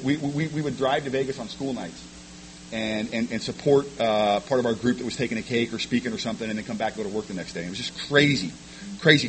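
A man speaks to a meeting about his own recovery, his words tumbling out quickly and often doubling back on themselves. His tone is frank and self-mocking, pitched in an ordinary middle register. A faint hum sits under the voice. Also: low-quality recording. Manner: rapid, stumbling repetitions of words. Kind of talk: personal testimony to a meeting.

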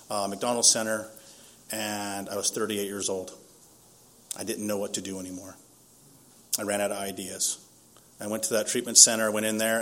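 A man in his forties from Southern California giving a candid, self-deprecating recovery testimony at a meeting, often laughing at himself. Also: fairly low pitch.

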